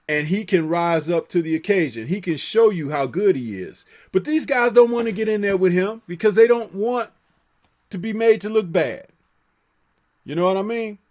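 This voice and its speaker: A man with a high-pitched voice hosts a live boxing chat stream. He talks in an animated, profane way and laughs often. He reads viewer comments aloud between his takes. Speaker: boxing talk host.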